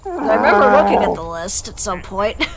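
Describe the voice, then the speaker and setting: A woman hosting a casual game stream on a voice call, giggling often and reacting in short quick remarks. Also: mid-range voice, big pitch swings, gravelly, a loud crowd. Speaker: streamer host. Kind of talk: casual chat while gaming.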